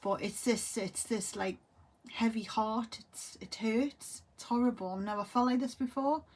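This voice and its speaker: A grieving, tearful woman talks to camera in a halting way, often trailing off and repeating herself. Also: a little high, darkish tone. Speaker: vlogger. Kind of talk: emotional monologue to camera.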